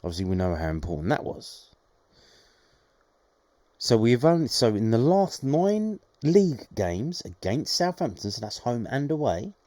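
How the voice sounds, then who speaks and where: A man's voice: medium pitch, mellow, no echo. A man hosting a daily football news podcast, reading out reports and adding sarcastic asides. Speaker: podcast host.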